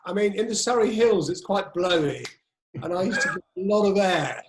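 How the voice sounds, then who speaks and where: High-voiced wry man, echoey. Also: expressive, moderate pace, noisy background. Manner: self-mocking, wry. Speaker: guest on a panel. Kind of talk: casual panel chat. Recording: roomy echo.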